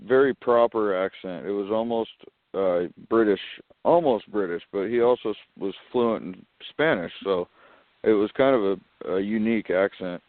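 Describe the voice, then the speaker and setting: A man co-hosting a casual talk show, easygoing and quick to laugh along. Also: on the low side, no echo. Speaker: co-host. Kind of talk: casual chat. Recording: dry phone-like line.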